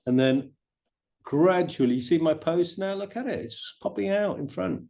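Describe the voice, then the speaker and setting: A middle-aged man teaching watercolor painting, chatting in a relaxed way and explaining each step as he paints. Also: fairly high pitch, moderate pace, vocal fry. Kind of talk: painting demonstration.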